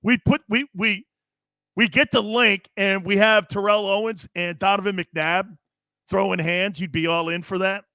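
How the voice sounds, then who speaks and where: A brash man hosting a sports talk show, loud and joking and quick to laugh at viewer comments. His voice sits high and bright, with a forceful edge. The mic is close and the sound is dry, with no room in it. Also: fairly even intonation, clean tone, dry recording.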